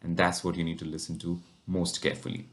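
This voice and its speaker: A man with a very low voice speaks as a company executive sharing business advice. He talks in a measured, explanatory way, often posing rhetorical questions to the listener. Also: little pitch movement. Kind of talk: motivational business talk.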